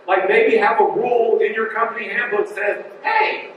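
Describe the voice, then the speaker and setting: A man with a high voice gives a conference talk in a jokey, animated way. He sounds far from the mic, and his voice rings through a large, very echoey hall. A faint room ambience hums behind him. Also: fairly quick, lo-fi sound, a little hiss or hum. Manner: joking, animated, digressive. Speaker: conference speaker.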